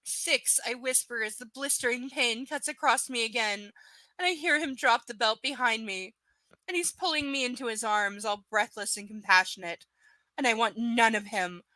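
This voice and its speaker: On a livestream, a woman with a higher-pitched, bright and forceful voice reads from a novel at a normal pace, recorded without room sound. Every so often she stops to rant about the characters, exasperated, sarcastic and swearing.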